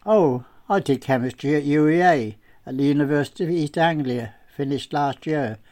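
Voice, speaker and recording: A man's voice: fairly high pitch, moderate pace, a little mellow, lightly acted. A man voicing an earnest, talkative young man in his twenties in a story reading. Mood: chatty.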